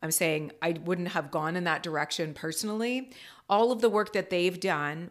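A woman coach telling a candid, reflective personal story in a casual vlog, swearing now and then, with her pitch jumping up when she gets animated. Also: moderate pace. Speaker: ADHD coach.

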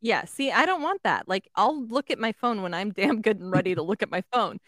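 A woman's voice: medium pitch, lively intonation, a little fast, a bit bright, no echo, clean studio sound. A woman co-hosting a casual podcast, enthusiastic, swearing, with lots of fillers. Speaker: podcast co-host. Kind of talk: casual chat.

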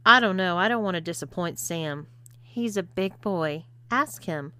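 A woman's voice: fairly low pitch, lively intonation, measured pace, sharp tone, clear, resonant tone, dry recording. A woman voicing a pushy adult man who talks bluntly and grudgingly. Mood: reluctant.

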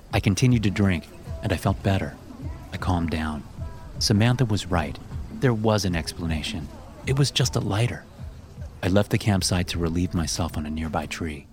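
A man narrating a first-person horror story in a hushed, tense storytelling manner. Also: deep voice. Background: music.

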